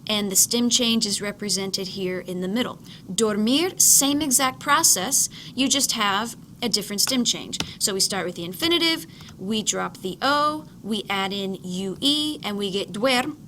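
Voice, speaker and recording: A woman's voice: mid-range voice, animated, unhurried, sharp tone, slight background noise. A woman teaching a recorded lesson, explaining patiently, repeating key points and modeling each word's pronunciation. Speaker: Spanish teacher. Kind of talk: recorded slide lecture.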